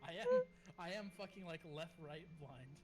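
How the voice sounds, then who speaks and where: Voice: medium pitch, wildly swooping pitch, darkish tone. A co-player in casual, blunt banter during a game stream. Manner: blunt, swearing, fast talk.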